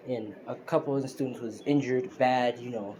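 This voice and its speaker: A man's voice: mid-range voice, steady tone, moderate pace. A man casually retelling a fan-made story, rambling with lots of fillers and restarts. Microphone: phone screen recorder. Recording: noisy phone recording.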